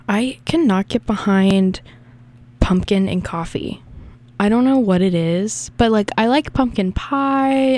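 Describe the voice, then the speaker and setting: A woman's voice: medium pitch, mellow. A young woman from the American South with a Southern accent, chatting casually and rambling between songs as a radio DJ. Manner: rambling, chatty, self-deprecating.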